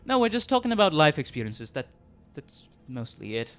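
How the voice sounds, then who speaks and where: A male streamer talking casually and reflectively, halting often and swearing, with emotion creeping into his voice. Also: fairly high pitch, sing-song, faint music behind.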